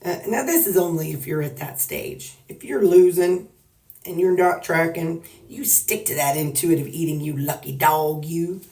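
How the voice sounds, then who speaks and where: A folksy woman with a Southern drawl, talking in a low-pitched voice. She jokes and rambles casually to her phone camera. The sound is roomy and picked up from a few feet away. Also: normal speed, a little mellow, recorded from a distance. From Missouri. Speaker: weight-loss vlogger.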